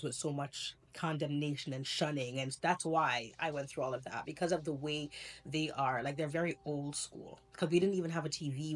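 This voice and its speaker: Woman vlogger, young adult, low-ish voice, rambling and animated, laughs a lot while telling her story. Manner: rambling, animated, laughs often, self-correcting. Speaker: spiritual vlogger. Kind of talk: casual storytelling to camera.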